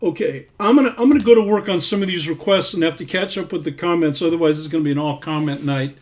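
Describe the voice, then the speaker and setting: A man's voice: fairly high pitch, fast talker. A man hosting a casual livestream, chatting and reading out viewers' names as he scrolls through comments. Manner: warm, rambling, reads names aloud while scrolling comments. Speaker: singer-songwriter hosting a livestream.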